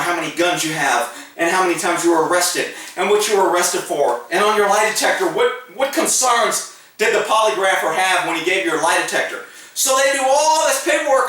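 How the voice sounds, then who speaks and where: A man's voice: sits high, pushed and bright, heavy reverb, distant mic, rough recording. A man, a former police officer, telling stories in a blunt, joking casual monologue and acting out the exchanges he quotes.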